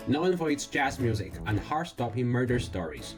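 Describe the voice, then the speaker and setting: A man reads scripted narration for a report in a measured, formal way. Clear background music runs under his voice. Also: mid-range voice, lively intonation. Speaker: news narrator.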